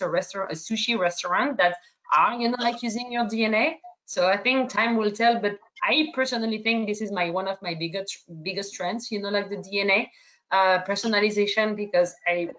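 A woman's voice: mid-range voice, a bit bright, dull audio. A woman from France with a slight French accent, moderating an online webinar Q&A in a hesitant way, full of fillers and restarts.

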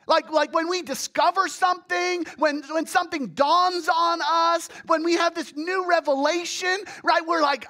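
A pastor preaching a sermon, swinging from hushed, low passages to loud exclamations and acted groans. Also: steady tone, moderate pace, hardly any pauses. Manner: illustrates with everyday examples and acted groans.

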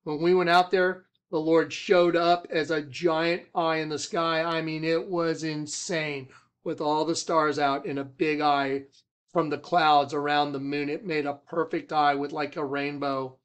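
A man who leads a ministry, telling a rambling personal story with emphatic swings from loud to hushed. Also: fairly high pitch, little pitch movement, a little slow, clean tone. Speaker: ministry leader.

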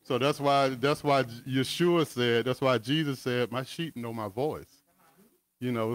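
A man leads a Bible teaching over a video call, mixing scripture readings with relaxed, chatty asides. His voice sits at an everyday middle pitch. The sound is dry and close, with no room echo. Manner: casual, asides and chuckles between scripture readings.

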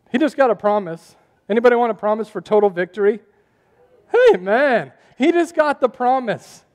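A man preaches with a strikingly high voice, animated and quick to throw questions at his listeners. The sound carries a long hall reverb around him. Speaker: pastor. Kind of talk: sermon.

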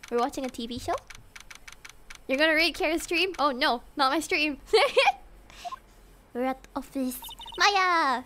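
A woman's voice: sits high, expressive, measured pace, pauses often, bright, forceful tone, slight background noise. A young woman from Singapore chatting playfully and giggling as she streams a game, with faint game music behind. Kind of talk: casual live game commentary.

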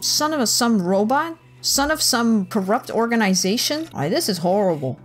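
A woman's voice: on the high side, big pitch swings, moderate pace, hardly any pauses, faint music behind. A woman hosting a gaming channel, casually commentating her playthrough, joking and talking to the characters on screen. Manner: chatty, joking, reacting aloud and talking to game characters. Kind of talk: casual let's-play commentary.

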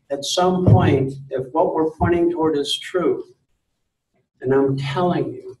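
A man giving a live spiritual talk to an audience, earnest and gently insistent, repeating phrases for emphasis. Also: fairly high pitch, takes it slowly. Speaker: speaker on spirituality. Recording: roomy, distant mic.

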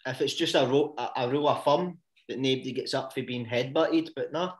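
Sweary Scottish man chatting on a podcast. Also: medium pitch. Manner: rambling, sweary, quick to laugh. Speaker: podcast co-host. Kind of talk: casual podcast chat.

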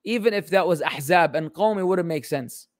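A man's voice: fairly high pitch, expressive, moderate pace, dry recording, clean studio sound. A man teaching Islamic studies in a casual livestream Q&A, joking and exasperated as he answers questions.

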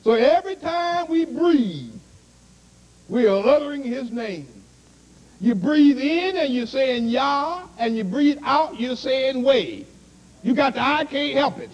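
Lively high-voiced male preacher. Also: slow pace, dull audio. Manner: repeats "see?" and "you understand?" constantly. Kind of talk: sermon.

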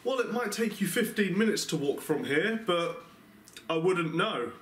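A man's voice: high-pitched, animated, normal speed, fairly bright tone, echoey room. An Englishman doing a tipsy French stranger. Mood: offhand. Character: tipsy one-legged French man, offhand.

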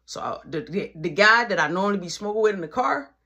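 Slangy, animated young man telling a story. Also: high-pitched, fast talker, slightly rough. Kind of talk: casual storytime vlog.

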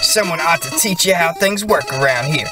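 A man's voice: fairly high pitch, expressive, moderate pace, lightly acted. A man voicing a flower creature that acts sweet but turns menacing, with a sugary folksy drawl. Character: sweet-then-sinister male flower creature. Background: game music.

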